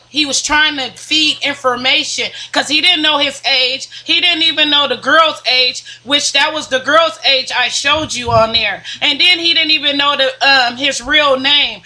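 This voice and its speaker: A woman's voice: high-pitched, sharp tone. A woman on an online debate panel, speaking bluntly and emphatically in casual slang.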